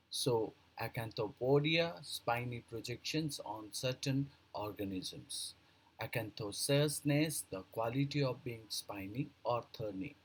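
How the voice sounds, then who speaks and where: A man works through a vocabulary lesson at a slow, unhurried pace, saying each word and then its definition. His voice sits at a middle pitch with a husky edge, and he stops to correct himself and repeat pronunciations. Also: low-quality recording. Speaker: English vocabulary teacher.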